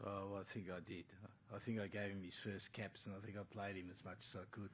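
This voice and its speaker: A man's voice: on the low side, level tone, a little fast, crowd noise. A man, a rugby coach, answering reporters at a press conference in a blunt, conversational way. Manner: blunt, conversational, calls people mate. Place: press club room.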